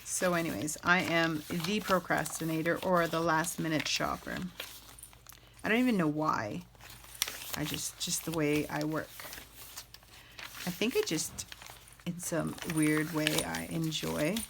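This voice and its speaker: A woman's voice: deep voice, measured pace, gravelly, long pauses, background noise. A woman in her thirties hosting a casual craft flip-through, rambling and self-deprecating, with plenty of filler words. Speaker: junk journal crafter and channel host.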